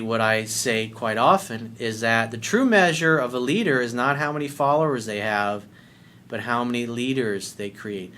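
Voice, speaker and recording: A man's voice: mid-range voice, bright, forceful tone, a little hiss or hum. A man delivers a video coaching monologue as a life coach, speaking bluntly and emphatically and swearing freely.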